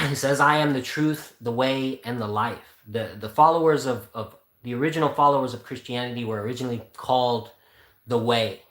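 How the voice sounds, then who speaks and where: A man's voice: mid-range voice, steady tone, moderate pace, a bit bright. Casual man talking in a roomy space. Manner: rambling, thinks aloud, corrects himself. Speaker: channel host. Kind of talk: casual spiritual talk and reading. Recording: roomy echo.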